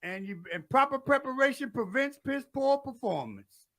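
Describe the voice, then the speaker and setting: A man talking casually as a guest musician, loud and blunt, with folksy sayings. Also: very high voice, lively intonation, normal speed. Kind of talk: casual chat.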